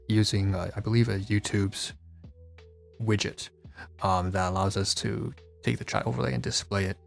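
A man with a deep, gravelly voice gives a casual walkthrough of his streaming setup. His delivery stays flat and halting as he stops, restarts and corrects himself. He sounds stressed and a little detached, with faint music playing behind him. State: stressed, feeling dissociated. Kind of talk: casual screen-share walkthrough.

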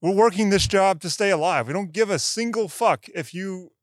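Man putting on a sarcastic government phone clerk, jaded and profane, mocking rant, a bit high, dry close sound. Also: normal speed, no room sound, close to an everyday voice.

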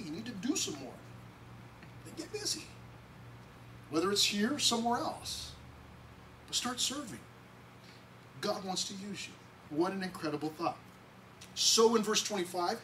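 A high-pitched man preaches in a church with excitable, conversational energy, often restarting his sentences mid-thought. He is picked up from a distance, with faint noise underneath. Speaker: pastor. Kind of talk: sermon. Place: church sanctuary.

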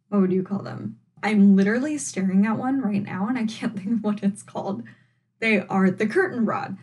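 A young woman talks through a TV episode on her podcast in a loose, conversational way. Her voice sits at an ordinary middle pitch, and she jumps in with quick wry asides. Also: rough recording. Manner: chatty and animated, with laughs and wry asides. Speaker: podcast host reviewing a TV episode. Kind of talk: casual solo podcast recap. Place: at home, indoors.

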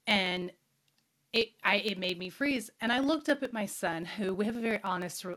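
A middle-aged woman hosts a spirituality show, sharing a personal story candidly, swearing casually and asking her audience questions. Her mid-range voice is animated and fairly bright, at a normal speed.

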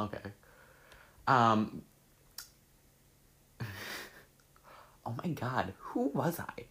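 A young man chatting casually as he reads out his old social media posts, laughing and swearing at them. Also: fairly low pitch. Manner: laughing, swearing, excitable reactions. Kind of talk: casual chat.

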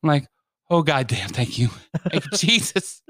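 There's no echo on this man's high-side voice, which moves at a moderate pace. He's an animated storyteller in casual talk, swearing his way through a funny tale and acting out everyone's words.

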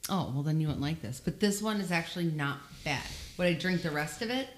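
A woman co-hosting a casual podcast, chatty and quick to laugh. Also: deep voice, lively intonation, a little hiss or hum. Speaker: guest co-host. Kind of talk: casual chat.

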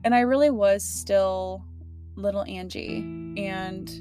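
A woman's voice: mid-range voice, steady tone, slow pace, music in the background. A young woman hosting her podcast from her car, talking casually and emotionally with lots of fillers. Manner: chatty, emotional, many fillers and laughs. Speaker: podcast host. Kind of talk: casual heartfelt podcast talk.

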